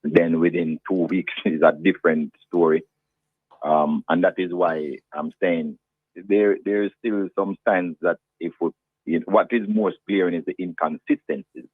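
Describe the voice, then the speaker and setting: A man's voice: sits low, steady tone, normal speed, husky, no echo. A man, a football coach, giving a hesitant interview over a phone line. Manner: hesitant, many restarts.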